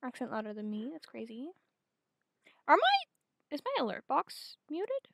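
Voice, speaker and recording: A woman's voice: fairly high pitch, sing-song, brisk, gravelly, no echo, studio quality. A young woman streaming, chatting casually with her viewers while fumbling through her setup in a self-mocking, scatterbrained way. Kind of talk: casual live-stream chat.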